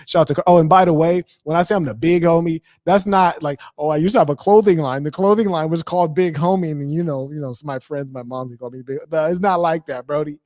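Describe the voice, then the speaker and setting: A man trash-talks his opponents on a livestream, combative and slangy. His voice sits a bit high. The sound is close and dry, with no room echo. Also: fast, few pauses, darkish tone. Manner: confrontational, trash-talking, slangy. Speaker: livestream debate host. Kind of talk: heated livestream commentary.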